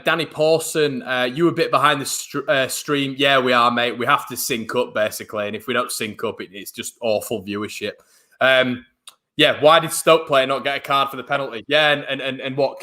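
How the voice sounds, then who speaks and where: Bright-voiced chatty man, watchalong co-host. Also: medium pitch. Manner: rambling, chatty opinions to viewers. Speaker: co-host of a fan watchalong stream. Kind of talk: casual live match chat.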